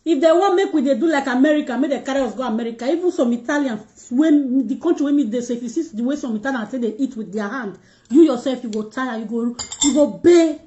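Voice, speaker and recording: A chatty Nigerian woman with a high, mellow voice, talking to her viewers in pidgin-flavoured English as she eats. The sound is dull and lo-fi, like cheap phone audio. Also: fast talker. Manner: chatty, mixes pidgin, addresses viewers directly. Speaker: livestream host. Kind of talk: casual livestream chat while eating.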